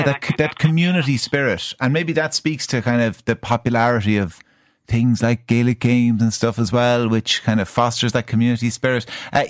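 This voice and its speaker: A man's voice: mid-range voice, no echo. Irish male radio host, wry and dry, teasing his guests. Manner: wry, dry quips with easy laughs. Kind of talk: radio talk show hosting. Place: radio studio.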